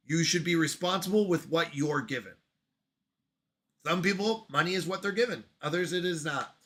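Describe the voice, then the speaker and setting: A man streaming live, chatting casually with his community and answering chat, self-deprecating and quick to laugh at himself. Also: on the high side, pushed and bright. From Canada.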